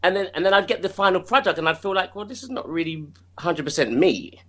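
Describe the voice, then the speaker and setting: A male singer being interviewed, talking in a casual, animated way with frequent restarts. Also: sits high, fast talker. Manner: animated, many restarts and laughs.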